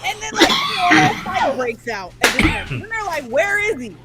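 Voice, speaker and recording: A woman co-hosting a casual show recap, telling it in an animated, sarcastic way. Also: very high voice, moderate pace, very noisy.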